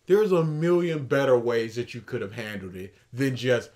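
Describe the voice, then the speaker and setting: Commentary co-host, casual chat, mocking tone, voice swings up and down a lot, mid pitch. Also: lively intonation, moderate pace, hardly any pauses, a bit bright. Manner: mocking, slips into impressions of the person discussed.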